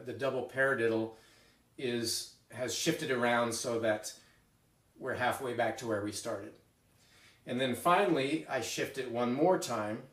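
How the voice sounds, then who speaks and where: A man teaching a drum lesson, explaining a rudiment exercise in a relaxed way with fillers and restarts, recorded from a distance. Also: medium pitch. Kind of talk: spoken music lesson with demonstrations. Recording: roomy, mic set back. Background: drums and metronome.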